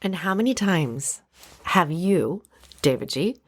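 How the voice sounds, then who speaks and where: Low-voiced woman explaining calmly. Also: slow. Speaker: podcast guest, heart healer. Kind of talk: conversational podcast teaching.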